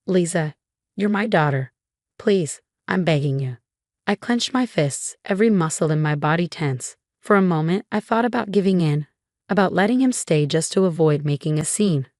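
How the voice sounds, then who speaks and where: A young adult woman narrating a dramatic first-person story in a steady, scripted way. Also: fairly low pitch, dry recording, clean studio sound.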